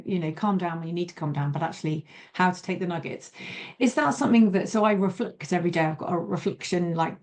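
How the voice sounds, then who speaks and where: A woman's voice: lowish voice, a little mellow. A woman being coached, who talks reflectively and thinks aloud, restarting her sentences as she goes. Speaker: coaching client. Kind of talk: coaching conversation.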